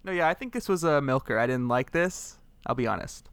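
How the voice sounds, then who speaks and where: Deadpan man, close dry sound. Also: medium pitch, fairly quick, smooth, no room sound. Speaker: co-host. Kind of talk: casual comedy podcast banter.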